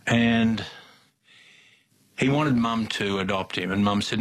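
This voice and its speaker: A man's voice: lowish voice, slow pace. An older man with an Australian accent, telling a rambling family story in a folksy, chuckling way. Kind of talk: storytelling in conversation.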